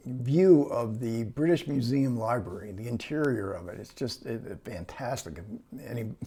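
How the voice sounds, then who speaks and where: A man's voice: mid-range voice, creaky, mellow, breathy edge. A man giving a casual spoken film review, rambling and hesitant, with many fillers, restarts and small chuckles. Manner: chuckles between phrases.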